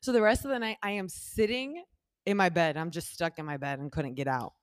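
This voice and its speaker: A woman telling a personal story in a casual chat, animated and acting out the voices of the people in it, with lots of "like" and "I'm like" fillers. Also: a little fast, no echo, studio quality. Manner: animated, acts out quoted voices with big shifts in pitch and loudness; talks with many fillers like "like" and "I'm like".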